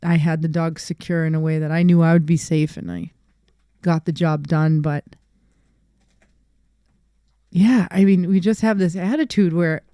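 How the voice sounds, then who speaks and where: Woman dog trainer, podcast co-host, animated storyteller; smooth, resonant, close and dry sound. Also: sits low, moderate pace, long pauses, no room sound. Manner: animated storyteller who acts out quoted people. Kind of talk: casual podcast chat.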